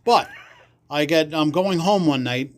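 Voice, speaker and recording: A man from the Bronx, a podcast guest telling stories casually, acting out other people's lines with big leaps in pitch and salty language. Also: a little slow. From the Bronx, New York. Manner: acts out quoted voices with big jumps in pitch, salty language. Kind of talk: casual storytelling.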